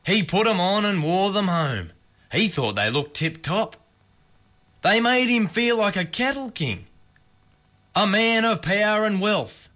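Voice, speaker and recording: Aussie bloke telling a rhyming yarn, slow and animated, bright voice. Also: male voice, high voice. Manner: animated, drawn-out storytelling. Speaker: reciter. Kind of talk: reciting a comic rhyming bush poem.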